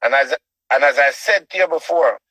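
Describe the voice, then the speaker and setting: A man with a Jamaican accent hosts a show in ranting commentary mode, his medium-pitched voice bright and forceful and moving a little fast. He comes across as preachy, saying things over and over and posing rhetorical questions. The recording is rough, with no room sound.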